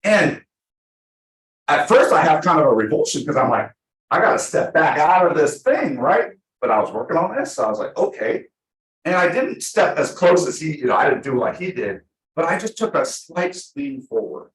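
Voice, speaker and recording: A man at a mid pitch leads a live training class for agents. He rushes through his points and acts out client stories along the way. His voice swings widely in pitch and rings around an echoey meeting room. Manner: energetic, fast, full of acted-out examples. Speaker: real estate trainer. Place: meeting room with a small audience.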